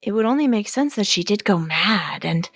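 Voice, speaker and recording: A woman voicing a scheming male naval officer with a smooth, condescending manner. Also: mid-range voice, expressive, normal speed, no echo, clean studio sound. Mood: menacing. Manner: smooth, condescending, mock-polite.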